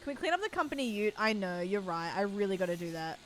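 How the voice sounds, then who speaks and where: A woman's voice: medium pitch, very animated, quick pace, slight background noise. A young woman streaming a game and commenting as she goes. She chats casually, with self-mocking humour and easy swearing.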